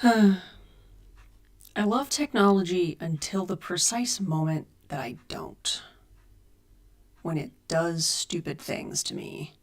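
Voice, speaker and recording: A woman's voice: on the low side, huge pitch swings, slow, vocal fry, long pauses. A woman chatting casually with her viewers on a live stream from home, reading and answering chat and troubleshooting her audio. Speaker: cosplay streamer. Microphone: desk USB mic.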